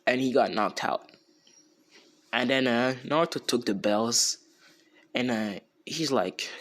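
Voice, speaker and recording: A man's voice: mid-range voice, slow, pauses often, fairly bright tone. A young man casually retelling a fan story off the cuff, rambling and slangy, with many fillers and restarts.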